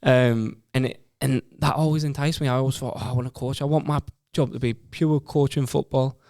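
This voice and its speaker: A man in his twenties from Stockton-on-Tees, England, speaks with a Teesside accent as a podcast guest. His medium-pitched, darkish voice is steady and brisk in a dry recording, and he tells his story casually yet earnestly, often repeating words.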